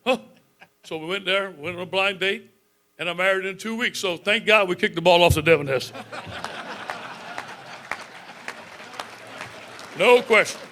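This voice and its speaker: A high-pitched football coach in his fifties, talking a little fast, entertains a club audience with folksy stories full of animation and chuckles. A faint crowd can be heard.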